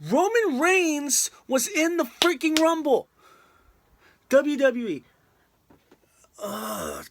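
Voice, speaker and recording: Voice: high-pitched, wildly swooping pitch, drawn-out words, pauses often, a little hiss or hum. A video reviewer ranting in an exasperated, emphatic way, often repeating the same point. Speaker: wrestling reviewer on a video channel.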